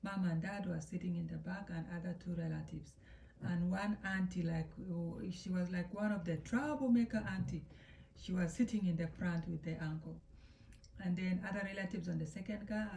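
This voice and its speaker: A woman chats through a family drama story, acting out the quotes and dropping into whispers for effect. Her voice is gravelly and mellow. She sounds set back from the phone in an echoey room. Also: fairly low pitch. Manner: chatty, animated, acts out quotes, drops to whispers. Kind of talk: casual storytime narration. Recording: echoey room, distant from mic.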